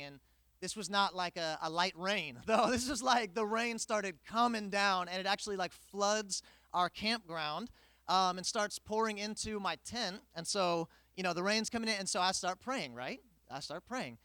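Lively male preacher with a high voice, recorded dry and close; tells stories with humor from the pulpit. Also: normal speed, clean tone, no room sound. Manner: animated storytelling with humor. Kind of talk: sermon with personal story.

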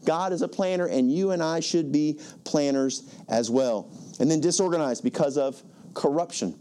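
A man's voice: fairly high pitch, moderate pace, warm tone. A pastor in his fifties preaching a sermon, emphatic and repetitive, often asking "guess what?" and quoting scripture. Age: 50s.

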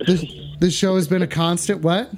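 High-voiced, excitable male stream host. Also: moderate pace, soft background music. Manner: excitable, crude, swears a lot, jokey. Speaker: host of a call-in stream show. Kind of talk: casual profane streaming chat.

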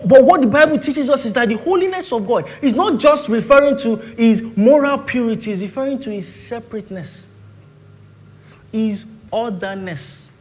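Preaching with a Nigerian English accent, this man has a very high voice. His sermon moves from booming declarations to quiet asides, and he poses rhetorical questions to the congregation.

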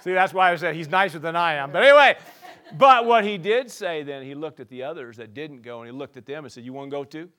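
A man preaching a sermon in an animated, playful way, swinging from soft asides to shouting. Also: fairly high pitch, quick pace, clear, resonant tone. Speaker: pastor.

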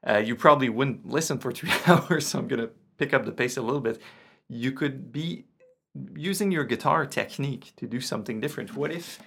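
Gravelly man. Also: mid-range voice, a little fast. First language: French. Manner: relaxed, counts beats aloud while explaining. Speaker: guitar teacher. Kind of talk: casual online guitar lesson. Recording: guitar playing under the voice. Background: his own guitar.

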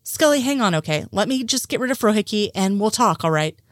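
A woman's voice: mid-range voice, expressive, a little fast, no room sound, clean studio sound, close to an everyday voice. A woman reading the lines of an exasperated male FBI agent in her own voice.

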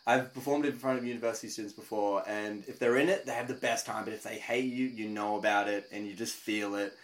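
A young man, a comedian talking as a podcast guest, telling a story in a rambling, animated way. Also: fairly low pitch, quick pace. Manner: rambling, animated storytelling with laughs and voiced asides. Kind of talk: casual interview chat.

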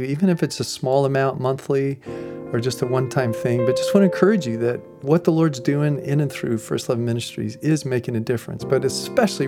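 A man, a pastor, telling a lively story to his listeners, acting out the voices of the people in it and laughing often. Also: medium pitch. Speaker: pastor of a ministry. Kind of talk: storytelling ministry message.

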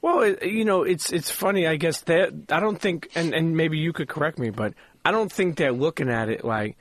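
A man's voice: a little high, fairly quick, few pauses, a bit bright, no echo. A man hosting a podcast in a loose, rambling way, swearing and acting out the people in his stories. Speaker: podcast host. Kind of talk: casual podcast chat.

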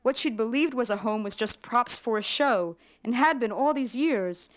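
A woman writer giving a measured literary reading of her own fiction. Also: fairly high pitch.

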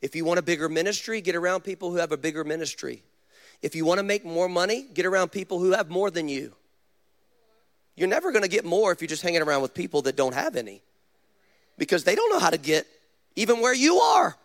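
A man, a pastor, preaching a sermon with animated storytelling and direct questions to the congregation. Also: sits high, fast talker.

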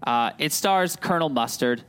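A man's voice: fairly high pitch, lively intonation, normal speed, fairly bright tone, clean tone. A man hosting a casual podcast, joking and rambling in a self-deprecating way. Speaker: podcast host.

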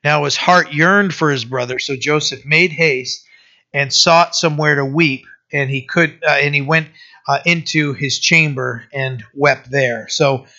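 A male pastor giving a conversational sermon, with many fillers and restarts, who slows down to read scripture aloud. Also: a little high, sharp tone, muffled recording. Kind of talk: sermon, informal Bible teaching.

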